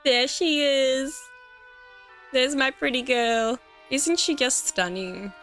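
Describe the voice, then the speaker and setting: Excitable Australian woman gamer, slow talk. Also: high voice. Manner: excitable and gushing, laughs often. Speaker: let's play gamer. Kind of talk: nostalgic game commentary. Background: faint game music.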